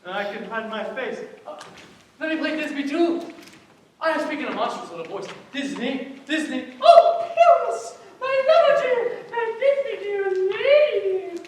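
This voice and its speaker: A man playing a boastful, hammy weaver on stage, loud and showy, eager to play every part. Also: very high voice, big pitch swings, unhurried, a little hiss or hum, heavily acted. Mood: playful. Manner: loud, showy, swooping delivery. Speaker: stage actor. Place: theater stage. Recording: echoey stage from far off.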